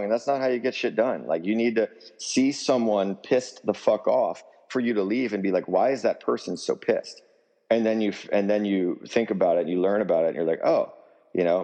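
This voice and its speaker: A man speaks with heated, emphatic conviction, swearing freely as he pushes his points in an interview. His voice sits low and dark. The recording trails off in a long reverb. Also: highs cut off. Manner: fired up, profane, emphatic ranting. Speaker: musician guest.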